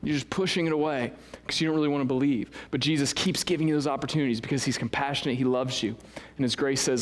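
A man's voice: mid-range voice, fairly even intonation, fast talker. A man preaching a sermon as pastor, in a conversational way with frequent "right?" asides. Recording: long reverb of a large hall.

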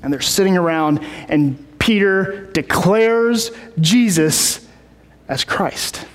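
A man's voice: sits high, lively intonation, takes it slowly. A man preaching a casual sermon, rambling with many fillers and restarts, heard in a large hall.

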